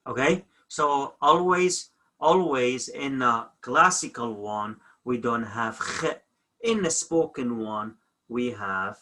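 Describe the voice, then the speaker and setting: A man's voice: medium pitch, takes it slowly, bright, forceful tone. A man teaching a language lesson, repeating each example word and often correcting himself.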